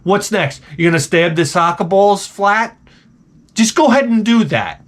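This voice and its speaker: A man delivers comedic advice as a sarcastic, profane rant. His voice sits a little higher than most men's. He sounds exasperated and keeps the jokes coming. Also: animated, normal speed, a bit bright. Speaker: advice vlogger.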